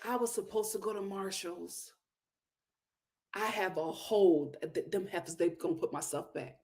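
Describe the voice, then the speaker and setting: A woman hosting a casual reality TV recap, talking in an animated, exclamatory way with lots of incredulous reactions. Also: mid-range voice, moderate pace. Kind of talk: casual chat.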